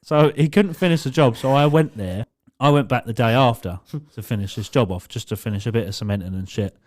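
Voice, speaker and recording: A man's voice: mid-range voice, fairly quick, darkish tone. A young man, co-hosting a podcast, telling a funny story and laughing through it, swearing freely. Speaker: podcast co-host. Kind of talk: casual storytelling.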